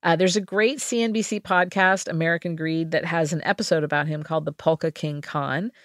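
A woman's voice: deep voice, fairly even intonation, brisk. A woman tells a true-crime story in an easy, joking podcast chat. She reads quotes aloud and laughs often. The sound is close and dry, with no room echo. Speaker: podcast host.

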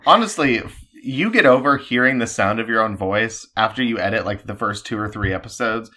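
Young man, bright voice, playful and jokey, casual podcast chat. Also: fairly low pitch, fairly quick. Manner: playful, jokey, animated storyteller. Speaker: podcast co-host.

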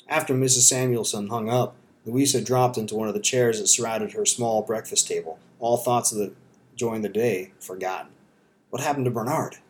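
A man narrating an audiobook in a steady, measured storytelling manner. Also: lowish voice.

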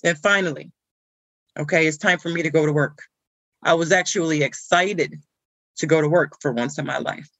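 A woman's voice: sits low, moderate pace, pauses often, a bit bright, dry recording, dull audio. Woman doing a fed-up puppy sitter ranting in a comic monologue, dry close sound. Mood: exasperated. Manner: indignant storytelling monologue, exclaiming. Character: frazzled woman stuck puppy-sitting, exasperated.

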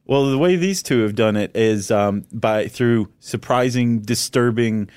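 A man co-hosting a podcast in a relaxed, teasing chat full of ums and uhs. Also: mid-range voice, unhurried, smooth, dry recording. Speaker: podcast co-host. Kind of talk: casual chat.

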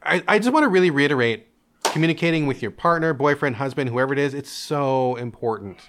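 A young man telling a candid personal story in an interview, animated, acting out his parents' voices and laughing often. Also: on the high side, fast, background noise. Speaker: interview guest.

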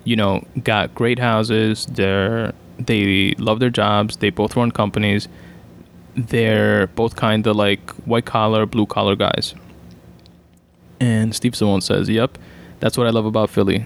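Gravelly low-voiced man reading quotes. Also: little pitch movement, takes it slowly. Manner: profane, offhand, with filler words. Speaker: podcast host reading quotes. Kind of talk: casual reading of podcast excerpts.

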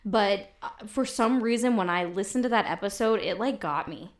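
A woman co-hosting a casual podcast, chatty and quick to laugh, often trailing off mid-sentence. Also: medium pitch. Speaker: podcast co-host. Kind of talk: casual chat.

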